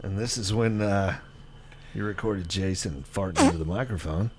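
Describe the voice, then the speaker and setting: A man's voice: sits low, normal speed, slight background noise. A man co-hosting a local radio show, teasing and bantering with his partner. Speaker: radio co-host. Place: small local radio studio.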